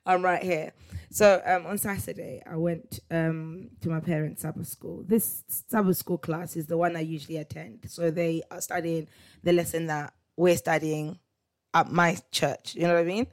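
A woman's voice: fairly low pitch, steady tone, moderate pace. A young woman, chatting casually as the host of her own solo podcast. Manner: chatty, laughing, tag questions like "you get me?". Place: parents' house.

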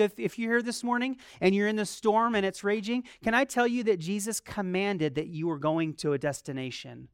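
A preacher delivering a sermon in a lively way, firing rhetorical questions at the congregation. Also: mid-range voice, clean tone, no room sound, clean studio sound. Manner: acts out quoted complaints in a softer voice.

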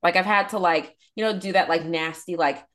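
A woman's voice: on the low side, a little fast, a bit bright. A young woman co-hosting a podcast in casual chat, rambling and filling her talk with "like.". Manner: rambling, heavy use of "like", laughs often. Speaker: podcast co-host.

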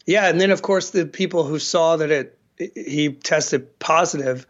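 A man's voice: fairly high pitch, a little slow. Rambling, profane man on a dull recording. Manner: rambling, profane, laughs often. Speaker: podcast co-host. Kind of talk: casual chat.

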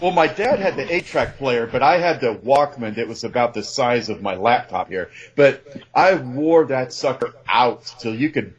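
Husky co-host man, lo-fi sound. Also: medium pitch, lively intonation, normal speed, few pauses. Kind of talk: casual interview chat.

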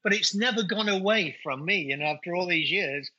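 A man's voice: high-pitched, brisk, bright, forceful tone, breathy edge. A middle-aged man from England with a Nottingham accent, chatting as an interview guest about his business, his speech full of uh fillers. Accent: English, Nottingham. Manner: chatty, anecdotal, frequent uh fillers. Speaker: guest, winery owner. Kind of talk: casual interview chat. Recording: dull lo-fi audio.

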